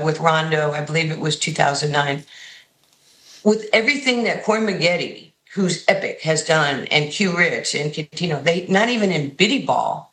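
Woman, New York accent, basketball coach, animated storyteller, bright forceful voice, roomy sound. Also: low voice. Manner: animated storyteller who acts out quoted voices. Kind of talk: radio and TV interview guest, storytelling.

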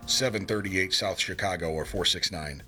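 A man's voice: low voice, moderate pace, bright, forceful tone. A man hosting a call-in radio swap show, reading items for sale and trading jokes with his co-host. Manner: joking, reads listings aloud. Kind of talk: casual radio swap-shop chat.

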